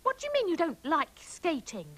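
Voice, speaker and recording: A woman's voice: very high voice, huge pitch swings, moderate pace, full character voice. A woman voicing a chatty, bossy young female panda puppet who giggles and schemes. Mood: chirpy scheming. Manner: sing-song, giggly, scheming. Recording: hissy old VHS tape.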